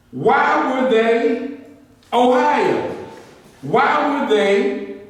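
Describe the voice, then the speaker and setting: A man lecturing a group, asking questions and repeating his points with emphasis. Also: extremely high pitch. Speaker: history speaker. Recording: echoey room, distant mic.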